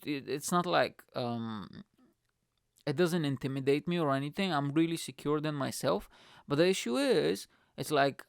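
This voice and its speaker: On his own comedy podcast, a man in a high, gravelly voice rants casually about a dating experience, swearing nonstop. His storytelling is lively and animated. The audio is clean studio quality without any echo.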